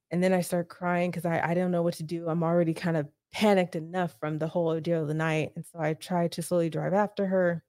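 A woman's voice: on the low side, a little mellow, no echo, studio quality. A woman as a podcast guest, retelling a painful family story in a blunt, profane way with rising urgency. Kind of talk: emotional personal storytelling.

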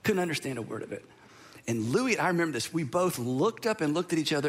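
A middle-aged pastor from Georgia, preaching in a conversational, storytelling way. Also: male voice, on the high side, animated, fast, a little hiss or hum. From Georgia, USA. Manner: conversational storytelling, with repeats and restarts. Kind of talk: sermon.

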